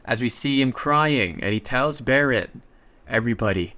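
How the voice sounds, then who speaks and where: A man's voice: mid-range voice, unhurried. Chatty man recapping a comic story. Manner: chatty, excitable asides. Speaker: manhwa recap narrator. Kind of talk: casual story recap narration.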